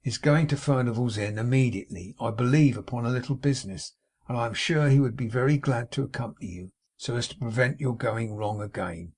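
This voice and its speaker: A man with a gravelly, husky voice playing a prim, affected young woman who is jealous and spiteful, in an audiobook reading. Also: medium pitch, a little fast, close to an everyday voice. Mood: simpering. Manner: affected, simpering, sharp, huffy.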